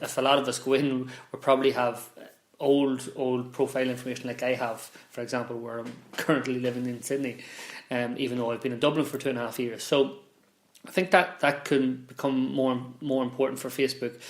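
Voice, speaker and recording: A man talks through a casual explainer at a mid pitch, stumbling over restarts and doubling up words as he thinks aloud. His voice bounces around a roomy space, giving it a hollow echo. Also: flat delivery, a little fast. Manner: conversational, frequent restarts and repeated words. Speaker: business founder explaining marketing. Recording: roomy echoey room.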